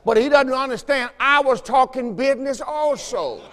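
Fervent high-voiced preacher in a hall. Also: male voice, moderate pace, a bit bright, a little hiss or hum. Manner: fervent preaching, repeats phrases, exhorts listeners. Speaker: pastor. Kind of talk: sermon. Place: church sanctuary.

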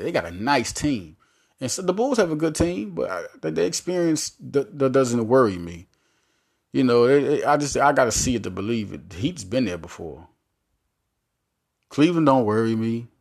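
A man hosting a solo sports podcast, talking in a rambling, animated way with many restarts and fillers. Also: lowish voice.

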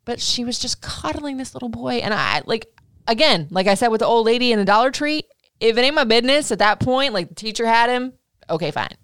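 A middle-aged woman hosting a casual chat, telling a story with swearing and lively acted-out quotes. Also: a little high, brisk, clear, resonant tone, no echo, clean studio sound. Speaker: podcast host.

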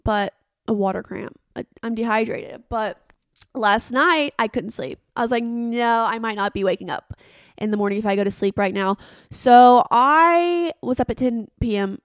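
A woman's voice: fairly high pitch, moderate pace, clear, resonant tone, no room sound, studio quality. Rambling young woman podcaster. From Arkansas. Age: 20s. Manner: rambling, self-mocking, dramatic. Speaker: podcast host. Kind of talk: casual solo podcast chat.

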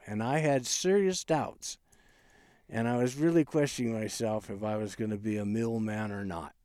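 A man telling a story in casual chat, halting and low-key, with frequent restarts. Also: darkish tone, no echo, studio quality.

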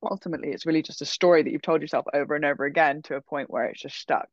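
A woman casually telling a long personal story, full of fillers like "like" and "um", animated in her delivery. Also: low-pitched, rapid-fire, no echo, highs cut off.

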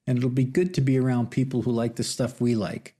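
A man's voice: mid-range voice, little pitch movement, brisk, warm tone, slightly rough, close to an everyday voice. A man voicing an earnest, good-natured male history buff who talks in a friendly way.

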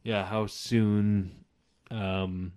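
A man's voice: fairly low pitch, extremely slow, clean tone. A young man co-hosting a casual movie review chat, loose and easygoing, with many fillers, and he has the hiccups. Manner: relaxed, loose, lots of fillers and "like". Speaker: podcast co-host.

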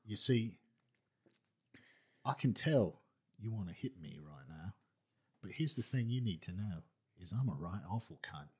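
A man's voice: on the low side, big pitch swings, quick pace, few pauses, mellow, slightly rough. A man putting on a South London accent to play a threatening tough guy. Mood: menacing.

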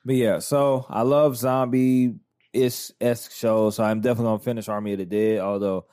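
A man co-hosting a podcast in casual chat, telling rambling, animated stories. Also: medium pitch, normal speed, clean tone, dry recording, clean studio sound. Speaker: podcast co-host.

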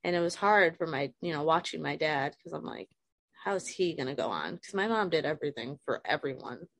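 A woman's voice: low voice, lively intonation, fairly quick, vocal fry, a bit bright, no room sound. A woman in her thirties, a guest speaking frankly and emotionally about loss, swearing casually, on a video call. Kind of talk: candid personal conversation.

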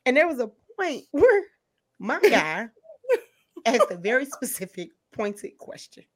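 Speaking at a measured pace, a woman with a voice on the high side hosts a podcast full of casual stories. She's animated and frequently breaks into laughter.

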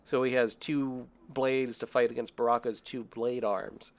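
A man's voice: mid-range voice, fairly even intonation, unhurried. A young man co-hosting a casual podcast, talking in a rambling, self-deprecating way with frequent laughs. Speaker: podcast co-host. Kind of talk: casual film review chat.

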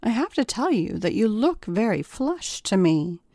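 A woman's voice: medium pitch, sing-song, dark tone, no room sound, clean studio sound. Woman playing a smug, teasing female lawyer. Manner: slow, coolly teasing.

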